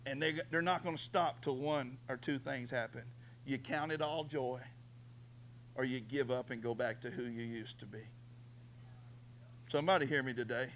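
A man preaching a sermon as pastor, swinging from quiet storytelling to shouted, tearful prayer. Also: mid-range voice, fairly even intonation, normal speed.

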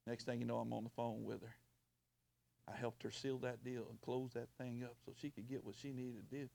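A man preaching a sermon as pastor, folksy and plain-spoken, building up to loud shouted bursts. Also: medium pitch, flat delivery, a little fast, vocal fry.

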